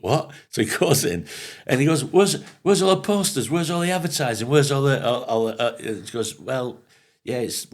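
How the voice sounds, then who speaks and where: Low-voiced English comedian telling animated stories. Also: male voice. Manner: animated storyteller, acts out quoted voices, swears freely. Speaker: podcast co-host and comedian. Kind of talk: casual pub-style chat, telling stand-up anecdotes.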